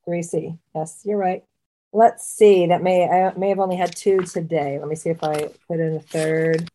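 Lower-voiced woman podcast co-host. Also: fairly even intonation, normal speed, mellow, slight background noise. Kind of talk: casual chat and trivia quizzing.

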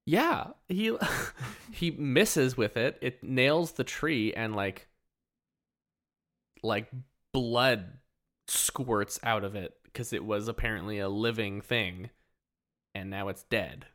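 A man's voice: lowish voice, slow pace, fairly bright tone. A man co-hosting a podcast, laid-back and wry, mostly agreeing in short replies about a movie. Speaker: podcast co-host. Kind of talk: casual movie review chat.

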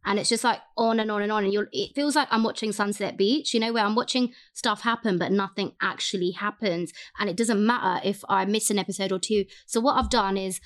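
Woman podcast co-host, chatty and animated, casual banter. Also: mid-range voice, a little fast, few pauses. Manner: chatty, animated, lots of quoted voices. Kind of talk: casual chat.

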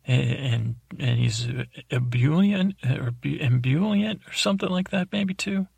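A man's voice: mid-range voice, lively intonation, normal speed, gravelly, breathy edge, no room sound. A man hosting a sleep podcast, rambling and meandering through an episode recap with drowsy, self-deprecating asides. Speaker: podcast host.

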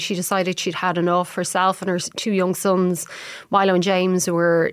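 A woman's voice: lowish voice, dry recording, clean studio sound. An Irish woman, a journalist guest, chatting animatedly and telling showbiz stories. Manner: animated, gossipy. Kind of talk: chatty storytelling.

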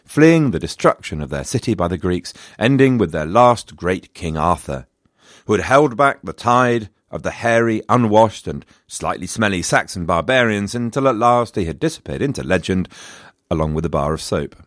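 A low-voiced man narrates history for his listeners with a dry, playful wit. His delivery swings with lively expression, and he cheerfully wanders off into self-mocking asides. The sound is close and dry. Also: normal speed, no room sound. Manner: wry, chatty, self-mocking digressions. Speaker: history podcast host.

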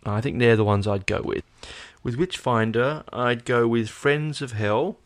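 A man's voice: mid-range voice, measured pace. A tired Australian man chatting casually to his viewers as host, rambling with many hesitations and fillers. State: tired, yawning. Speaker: podcast host.

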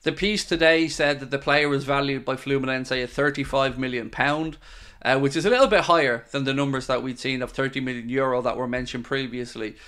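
A man's voice: mid-range voice, fairly even intonation, brisk, bright, forceful tone. An Irish man hosting a live stream, answering viewer questions in a frank, chatty way and calling them mate. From Ireland. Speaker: host of a football fan channel.

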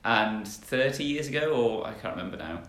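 A man's voice: on the low side, animated, moderate pace, a bit bright. A man, co-hosting a casual podcast chat in a playful, joking, rambling way. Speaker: podcast co-host. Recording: roomy echo.

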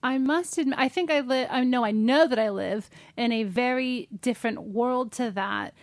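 A woman's voice: a little high, normal speed, dry recording, studio quality. A woman in her thirties hosting a podcast, chatting casually with many ums and self-deprecating asides. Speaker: podcast host. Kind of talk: casual chat.

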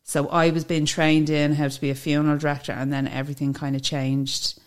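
A woman with an Irish accent and a low, clean voice speaks fairly quickly with flat delivery. A funeral director appearing as a podcast guest, she tells her story in loose, talkative casual chat and laughs easily.

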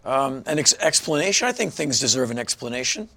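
A man's voice: medium pitch, big pitch swings, a little fast, vocal fry, pushed and bright. A man in his fifties from Washington, D.C., a guest in a casual interview, telling stories with animation and acting out other people's lines. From Washington, D.C., USA. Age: 50s.

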